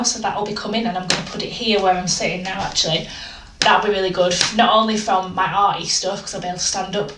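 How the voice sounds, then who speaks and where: A woman's voice: mid-range voice, fairly bright tone. Chatty woman vlogging at home. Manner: chatty, candid, self-deprecating. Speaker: art vlogger. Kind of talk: casual chatty vlog. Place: home art room. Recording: roomy, distant home mic with faint noise.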